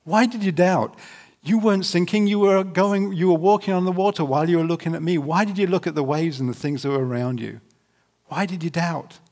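A man's voice: on the high side, brisk, a little mellow, voice pushed up, close to an everyday voice. A man doing Jesus, raised and pleading. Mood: tender pleading. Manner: tender, pleading, affectionate questioning. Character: Jesus gently scolding a frightened friend.

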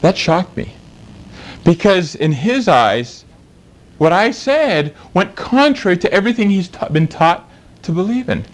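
A man's voice: sits high, big pitch swings, a little slow, poor audio. A man preaching a sermon, emphatic and fond of rhetorical questions.

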